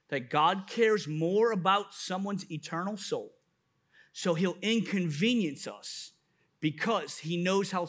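A man's voice: a little high, a bit bright. A man preaching a sermon as a pastor, building with emphatic, repeated questions. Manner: impassioned preaching with rising emphatic repetition.

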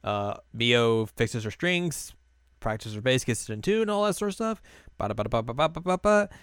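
A man casually recapping an anime episode, acting out the characters' lines in livelier, higher voices. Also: normal speed, clear, resonant tone, no echo, studio quality. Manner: animated retelling, acts out characters' lines in raised voices. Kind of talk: casual chat.

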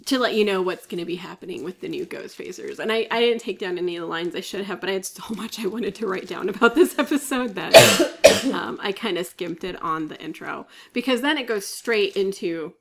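A woman's voice: mid-range voice, lively intonation, brisk, gravelly. Woman podcast co-host, methodical but casual, laughs easily. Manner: lays out arguments step by step, laughs often. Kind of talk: casual fan podcast chat.

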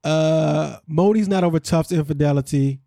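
A man's voice: on the high side, normal speed, gravelly, mellow, no room sound, clean studio sound. A man hosting a podcast, recapping a reality show in casual chat and acting out what people said.

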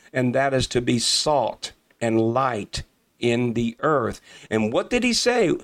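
A man preaching fervently as a podcast host, repeating key phrases and addressing listeners as brothers and sisters. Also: mid-range voice. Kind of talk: impassioned preaching.

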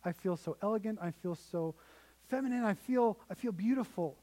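A man's voice: high voice, normal speed, warm tone, natural voice, low-quality recording. A man voicing a little girl who clings to her toy pearl necklace, stubborn and tearful. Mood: dreamy. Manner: stubborn, then tearful pleading.

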